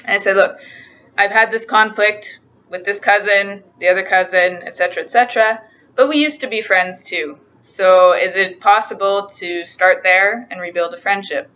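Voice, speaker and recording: Young woman vlogger, earnest and emotional, bright tense voice, dull lo-fi audio. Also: medium pitch, moderate pace. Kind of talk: personal confessional vlog.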